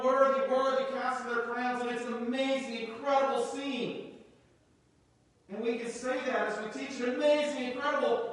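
A man's voice: very high voice, distant mic. Man preaching in an echoey hall. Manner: excited, rising to shouts. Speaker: pastor. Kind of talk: sermon. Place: church sanctuary.

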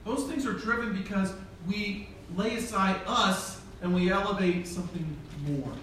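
In a church sanctuary, the pastor's high-pitched, fairly bright voice moves at a moderate pace against slight background noise. This middle-aged man delivers a sermon with a funny story, performing the dialogue himself, heard distantly in a very echoey hall.

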